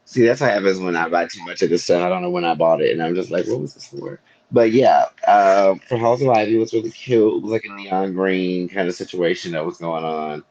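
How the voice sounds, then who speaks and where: Deep-voiced male co-host, playful rambling chatter, dull lo-fi sound. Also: a little fast, few pauses, a little mellow. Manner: playful, rambling, joking asides. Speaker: podcast co-host. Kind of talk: casual chat. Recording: muffled lo-fi audio.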